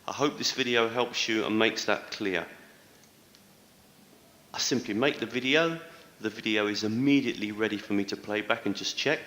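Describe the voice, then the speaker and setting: A man talks through a screencast tutorial, explaining each step clearly and stressing words with care. His voice sits low and bright, and it is heard played back in a roomy hall with a long ringing reverb. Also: moderate pace. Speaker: teacher trainer.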